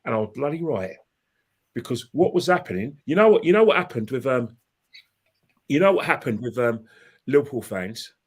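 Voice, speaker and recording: A man's voice: medium pitch, big pitch swings, normal speed, long pauses, husky. A man telling a long football story as a podcast guest, rambling and impassioned, with many restarts and repeated phrases. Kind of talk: casual anecdotal storytelling.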